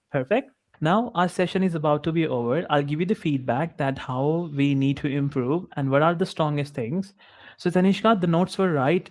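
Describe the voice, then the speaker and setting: A young man with an Indian English accent, an English tutor giving an upbeat, encouraging one-on-one lesson over a video call. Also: a little high. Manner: encouraging, upbeat, many "like" fillers.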